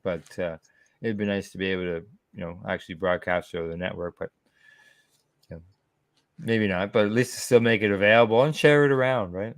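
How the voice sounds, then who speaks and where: A man's voice: fairly low pitch, fairly even intonation, brisk, no echo, clean studio sound. A man hosting a casual chat over a video call, talking in a rambling way full of asides. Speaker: host.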